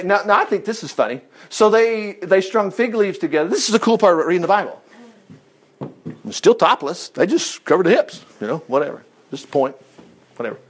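A man leading an informal Bible study, folksy and chuckling as he talks. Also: high voice. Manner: folksy, animated, chuckles often. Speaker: Bible teacher.

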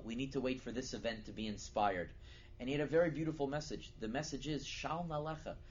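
A man giving a sermon as a lively storyteller who builds to loud, emphatic peaks. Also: mid-range voice. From United States. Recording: dull lo-fi recording with faint noise.

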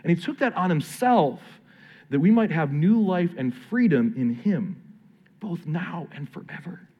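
A man preaching a sermon with a fairly high voice that swings widely in pitch. He speaks like a pastor addressing his congregation, conversational and earnest, slowing down to stress key phrases. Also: lively intonation, lo-fi sound.

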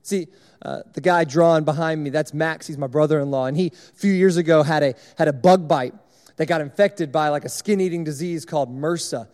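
A man's voice: fairly high pitch, a little fast, a little mellow. Conversational man preaching in a hall. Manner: conversational, illustrative, repetitive. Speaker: speaker at a church service. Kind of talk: sermon.

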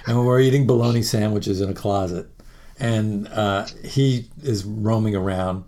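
A man, a musician, telling animated, profane road stories and laughing through them in a casual interview. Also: lowish voice, unhurried, background noise. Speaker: musician guest.

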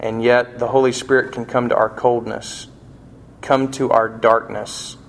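A man's voice: mid-range voice, little pitch movement, measured pace, creaky, a little hiss or hum. Folksy conversational male preacher. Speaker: pastor. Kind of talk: sermon.

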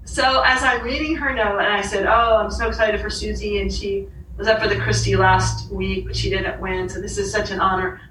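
A woman with a bright, forceful voice tells a lively personal story, laughing often and putting on the voices of the people she quotes. She sits a little back from the mic in an echoey room, with faint ambience behind her. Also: mid-range voice, moderate pace, far from the mic, a little hiss or hum. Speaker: author and podcast guest. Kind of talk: storytelling in a conversation.

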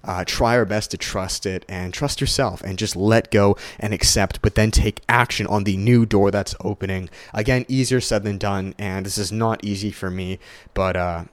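A young man giving a casual, swearing, motivational solo podcast monologue, stumbling and restarting and swinging his pitch up high when excited. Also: moderate pace, no room sound. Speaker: podcast host.

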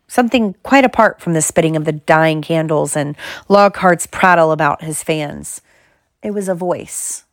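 A woman reading a storybook aloud in a calm, measured narrating manner. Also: lowish voice, dry recording, clean studio sound. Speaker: audiobook reader.

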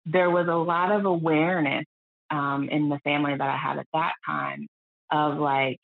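A woman's voice: deep voice, little pitch movement, moderate pace, creaky, dry recording. An earnest, reflective woman talks openly as a guest, now and then dropping her voice to quote other people. The sound is thin and phone-like. It is dry, with no room around it. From United States. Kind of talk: candid podcast conversation.

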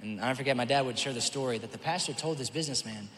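A man's voice: mid-range voice, rapid-fire, a bit bright, a little hiss or hum. A man preaching a sermon, retelling a story with quoted dialogue and letting his voice drop for the quotes. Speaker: pastor. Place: large church hall. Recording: long hall reverb, faint ambience.

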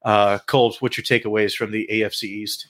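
A man hosting a sports talk show, playful and animated, stretching out hype calls and joking with his co-host. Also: lowish voice, moderate pace.

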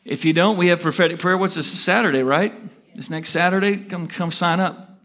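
A pastor preaches a sermon built around stories, delivered in an energetic rush. He pushes his pitch upward whenever he wants to drive a point home.

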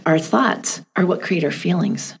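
A middle-aged woman speaking gently and thoughtfully on a podcast, asking reflective questions. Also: fairly low pitch, unhurried, creaky, slightly rough. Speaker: guest.

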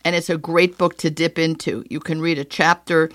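A woman's voice: sits low, little pitch movement, normal speed, fairly bright tone, no echo, clean studio sound. A woman hosting a podcast, thanking her guest and reading the show's sponsors. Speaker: podcast host. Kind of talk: podcast interview and sponsor read.

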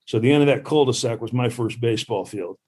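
A man who played professional baseball, a guest telling lively stories about growing up competing with his brother. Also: quick pace, husky. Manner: animated storyteller, mimics others in high voices. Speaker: podcast guest, former pro baseball player. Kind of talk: casual storytelling chat.

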